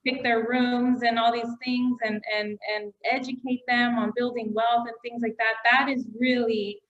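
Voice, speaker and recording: A woman's voice: fairly high pitch, little pitch movement, normal speed, a bit bright, lo-fi sound. A woman real estate agent interviewing a guest in a casual, encouraging way, laughing along.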